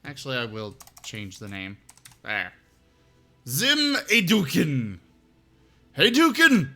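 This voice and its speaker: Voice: medium pitch, wildly swooping pitch, slow, bright, forceful tone, soft background music. Dry, teasing game streamer. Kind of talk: casual game-stream chat.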